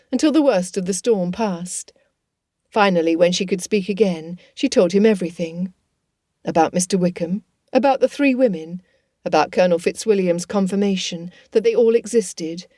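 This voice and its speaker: A woman narrating a novel as an audiobook, reading in a measured, expressive way. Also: medium pitch, no room sound, studio quality. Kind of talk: scripted narration.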